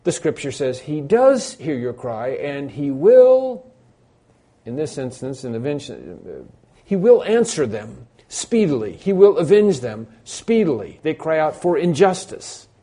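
A man preaching an unscripted sermon, often restarting his sentences and rising and growing louder on his emphatic points. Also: on the high side, very animated, unhurried. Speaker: pastor.

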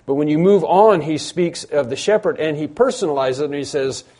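A man's voice: a little high, fairly quick, darkish tone. A man preaching a sermon, emphatic, building through repeated phrases and frequent restarts. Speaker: pastor.

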